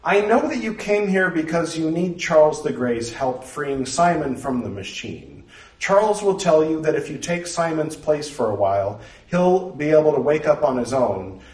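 A man's voice: a little high, sing-song, normal speed, pitched above the performer's own voice. A man reading a story voices a polite, awkward young man who talks hesitantly. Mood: earnest, awkward. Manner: hesitant, apologetic. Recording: roomy, distant mic.

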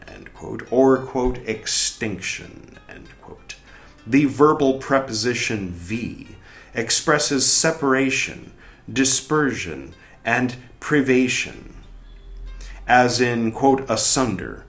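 A man reading a text aloud slowly and deliberately, saying "quote" and "end quote" and pausing now and then to comment. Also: mid-range voice. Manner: pauses to comment on the text with small asides. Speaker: reader of a text on Buddhist mantras. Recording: roomy echo, faint music behind.

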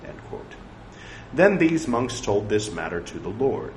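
A man's voice: lowish voice, very animated, a little slow, a little mellow. Man reading scripture, chatty asides. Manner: reads quotes and punctuation aloud, then adds chatty side remarks. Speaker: scripture reader. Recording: echoey room with faint background noise.

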